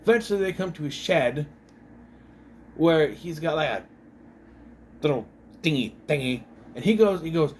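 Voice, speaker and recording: A man's voice: a little high, moderate pace, slight background noise. A man giving a casual, exasperated movie review, swearing freely and acting out lines from the film.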